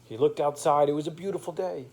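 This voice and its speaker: A man improvising a bedtime story aloud, playful and rhyming, pausing now and then to make up details with fillers. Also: on the high side, darkish tone.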